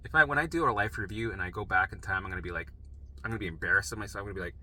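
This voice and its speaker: Man, very bright tense voice, profane animated storyteller. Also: lowish voice, racing, a little hiss or hum, rough recording. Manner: profane, animated, frantic retelling. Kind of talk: personal storytelling monologue.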